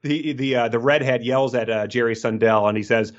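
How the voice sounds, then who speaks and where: A man's voice: mid-range voice, a little fast, few pauses, lo-fi sound. A man co-hosting a casual book podcast, rambling and joking and laughing often. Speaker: podcast co-host.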